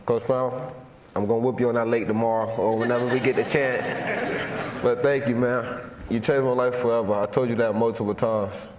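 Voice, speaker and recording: Man in his 20s, from Florida, award acceptance speech, heartfelt and repetitive, mid-pitched, roomy hall sound. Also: steady tone. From Florida, USA. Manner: heartfelt and halting, repeating phrases, holding back emotion. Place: large hall, on a stage. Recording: echoey hall with long reverb and faint noise.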